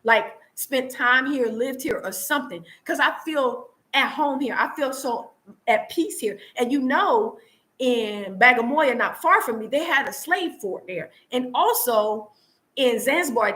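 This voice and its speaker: Woman from the US, live-stream chat at home, earnest, restarts often, bright tone. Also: high-pitched, low-quality recording. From United States. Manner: earnest, repetitive, many restarts. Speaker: vlogger answering live chat. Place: home in Tanzania.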